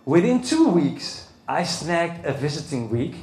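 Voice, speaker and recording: Man, high voice, very lively pitch, storytelling to a crowd, acting out quotes, echoey hall. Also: moderate pace, hardly any pauses. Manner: animated storytelling, acting out the other people's lines. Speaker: speaker at a men's issues conference. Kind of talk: personal story told to a live audience. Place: conference hall. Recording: roomy hall sound.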